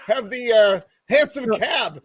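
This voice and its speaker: A man's voice: very high-pitched, expressive, slow pace, heavy background noise. An American man hosting a casual video-call panel chat, giggling and incredulous as he reads out odd slang.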